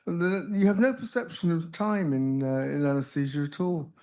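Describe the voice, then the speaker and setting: An older man on a panel telling stories about his treatment, halting and self-deprecating, with many restarts. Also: on the high side, steady tone, dark tone. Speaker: panelist, researcher with Parkinson's. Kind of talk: casual anecdotal talk. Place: conference hall.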